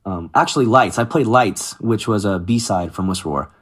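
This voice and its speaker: A man's voice: lowish voice, normal speed, slightly rough. A man in his thirties telling stories from his music career in a casual interview, acting out what others said. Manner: animated, quotes others in lively voices.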